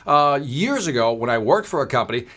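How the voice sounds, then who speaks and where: A man hosting a livestreamed sales lesson from his studio, asking the audience quick rhetorical questions as he goes. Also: medium pitch, big pitch swings, a bit bright. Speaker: sales trainer and livestream host. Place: home studio.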